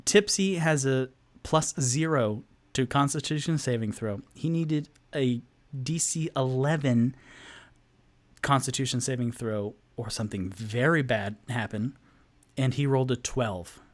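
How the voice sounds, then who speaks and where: Slow-talking excitable man running a game. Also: mid-range voice. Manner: excitable, rambling, talks through dice rolls. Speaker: game master. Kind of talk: live-streamed tabletop narration.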